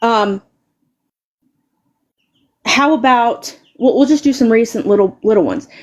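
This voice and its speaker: A woman live streamer delivering an angry, confrontational rant, stammering and repeating words and swearing heavily. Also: a little high.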